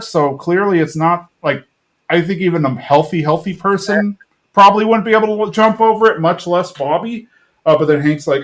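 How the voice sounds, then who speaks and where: A man's voice: on the high side, moderate pace. A man hosting a podcast, retelling a TV episode in a casual, rambling way with lots of fillers. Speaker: podcast host.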